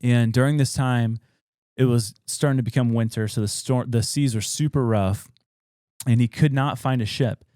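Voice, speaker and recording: A man's voice: mid-range voice, fairly even intonation, moderate pace, dark tone, smooth, no echo, studio quality. A young adult man, a podcast co-host, casually retelling a spooky old story with loose fillers and quoted dialogue.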